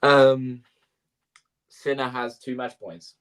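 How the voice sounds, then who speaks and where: A man with an ordinary mid-range voice calls each point of a live tennis match as co-host. He talks briskly and corrects himself with quick apologetic asides. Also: medium pitch, flat delivery, smooth. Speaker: co-host calling play-by-play. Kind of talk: live tennis play-by-play commentary.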